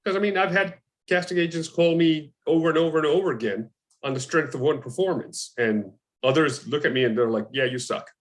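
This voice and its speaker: An actor being interviewed, a man telling lively anecdotes in casual conversation and acting out what other people said. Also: on the high side, a little fast. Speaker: actor guest.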